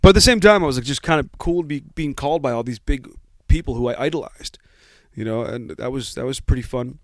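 A man's voice: medium pitch, fast, dry recording. Rambling man telling a story. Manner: rambling, self-deprecating, many restarts. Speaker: guest. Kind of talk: casual storytelling chat.

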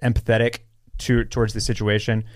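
A man co-hosting a casual podcast, talking in an animated way with frequent restarts and fillers. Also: lowish voice. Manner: animated, halting restarts, lots of "like". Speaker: podcast co-host.

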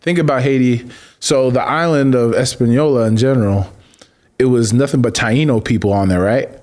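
A man with a medium-pitched voice co-hosts a casual podcast. He explains things in a plain, conversational way and chimes in often. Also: darkish tone. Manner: explanatory, quick agreeing interjections. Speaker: podcast co-host. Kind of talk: casual chat.

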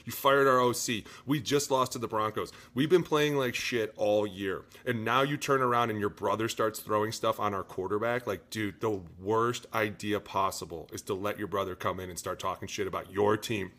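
A man co-hosting a football podcast in casual, animated chat, swearing freely and saying "dude" a lot. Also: lowish voice, normal speed, hardly any pauses. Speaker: podcast co-host, former lineman.

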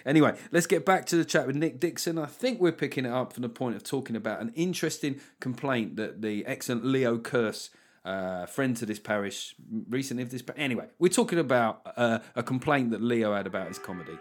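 A man's voice: medium pitch, animated, fairly quick. A man hosting a podcast, chatting casually and joking, swearing and slipping into mock voices. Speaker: podcast host. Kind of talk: casual comedic chat.

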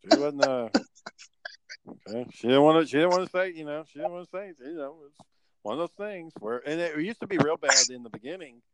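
A man's voice: a little high, brisk, vocal fry, clear, resonant tone, dry recording, rough recording. A young adult man co-hosting a podcast, telling rambling, profanity-laced stories in casual chat. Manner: profane, rambling, animated storyteller. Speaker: podcast co-host.

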